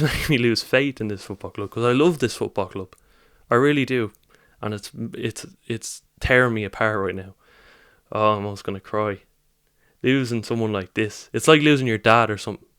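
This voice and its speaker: A man's voice: medium pitch, a bit bright, no room sound, clean studio sound. Upset man ranting to camera. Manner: upset, rambling, heartfelt. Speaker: football vlogger. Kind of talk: emotional reaction vlog.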